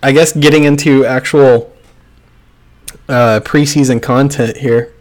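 Male podcast host, mid pitch, loose and joking, casual sports chat. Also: steady tone, measured pace. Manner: loose, self-correcting, joking.

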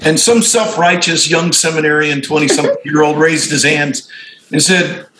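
Middle-aged pastor in a roomy space. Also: male voice, fairly high pitch, steady tone, moderate pace, noisy background. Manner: reflective storytelling with frequent restarts and self-corrections. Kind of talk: conversational discussion among fellow pastors.

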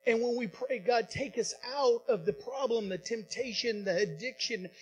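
High-voiced impassioned man preaching. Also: slight background noise, poor audio. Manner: impassioned preaching with dramatic pauses and repetitions. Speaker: pastor. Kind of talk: sermon.

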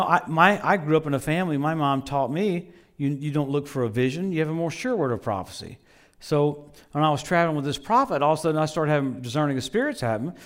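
A middle-aged male preacher delivering a story-filled sermon. His voice sits a little high for a man and swings from booming exclamations down to quiet murmured asides. He laughs between lines and keeps the energy animated.

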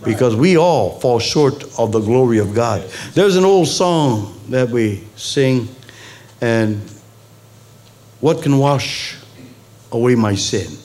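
A male pastor preaching a sermon, with sudden high emphatic peaks and conversational asides to the congregation. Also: expressive, takes it slowly, a little mellow.

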